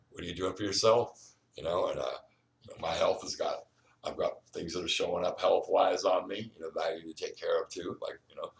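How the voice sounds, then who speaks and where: Brief: low-voiced man, rapid and rambling, repeats "you know what I mean", preachy, sits back from the mic. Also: gravelly, far from the mic, a little hiss or hum, low-quality recording. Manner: repetitive, restarts often, keeps saying "you know what I mean"; earnest and preachy, urging the listener. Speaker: vlogger. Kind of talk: rambling personal monologue. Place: indoors at home.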